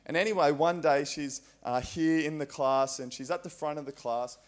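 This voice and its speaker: A man's voice: on the high side, steady tone, moderate pace. Earnest Australian man preaching. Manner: conversational, earnest, frequent fillers. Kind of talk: sermon. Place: church.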